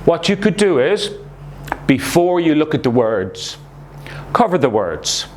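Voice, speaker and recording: A man's voice: a little high, big pitch swings, a little slow, a little mellow, a little hiss or hum. A man teaching a recorded English lesson to young pupils, explaining patiently and checking in with "okay?" as he goes. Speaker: primary school English teacher.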